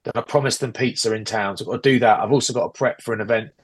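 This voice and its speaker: On a casual podcast, a British co-host in his forties rambles through an exasperated rant, talking rapid-fire in a husky, mid-range voice with fairly even intonation. He is recording on AirPods earbuds at a relative's house.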